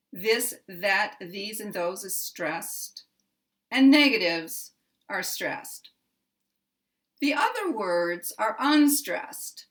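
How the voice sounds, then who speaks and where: An American woman teaching pronunciation at an unhurried pace. She lays out each rule in a deliberate, measured way and speaks her example sentences out clearly. Her voice sits at an ordinary middle pitch. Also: a bit bright. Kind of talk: slow, careful teaching explanation.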